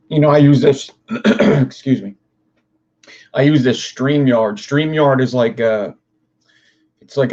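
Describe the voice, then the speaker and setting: A young man rambles through a casual livestream, reacting to chat. He swears freely and wanders between topics. His voice sits at a middle pitch. The audio is dull and lo-fi. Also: darkish tone. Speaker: livestream host.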